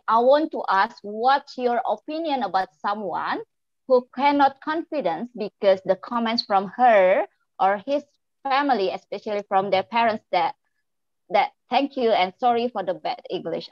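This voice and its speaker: A woman moderating a webinar, reading out audience questions in a halting way. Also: mid-range voice, no echo, highs cut off. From Indonesia. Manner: hesitant, halting with fillers.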